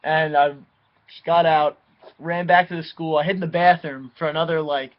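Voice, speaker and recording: A young man casually telling a personal story, animated and swearing freely, mimicking the people he quotes. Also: a little high, normal speed. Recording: dull lo-fi recording.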